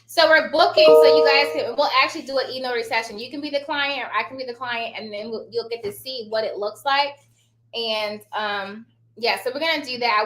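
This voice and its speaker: A woman's voice: a little high, fairly bright tone, reverberant. A woman hosting a casual live stream as a notary trainer, chatty and rambling, often losing her train of thought and laughing. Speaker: online notary trainer and host. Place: home office.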